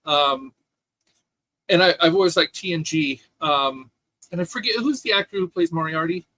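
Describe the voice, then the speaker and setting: A man co-hosting a casual podcast chat, opinionated and animated, with many restarts. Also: fairly high pitch, moderate pace, no room sound, rough recording. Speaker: podcast co-host.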